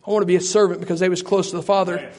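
A man's voice: sits high, flat delivery, very fast, darkish tone. A man preaching a sermon, fervent and repetitive, calling out to listeners by name. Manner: addresses listeners by name, frequent "I tell you".

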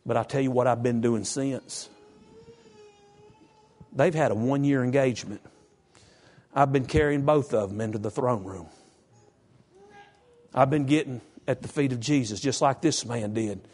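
A man preaching a sermon in a folksy, emphatic way, jumping up in pitch to stress a point. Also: a little slow, pauses often, a little mellow.

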